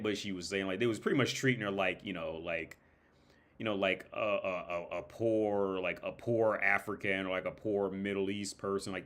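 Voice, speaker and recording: American man, very low voice, casual livestream chat, rambling, swears a lot. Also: fairly bright tone. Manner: rambling, swearing, frequent restarts.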